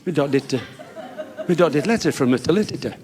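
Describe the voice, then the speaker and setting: A man playing a simple Barnsley man with a slight speech defect, halting and repeating words. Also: on the high side, expressive, darkish tone, lightly acted. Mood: eager.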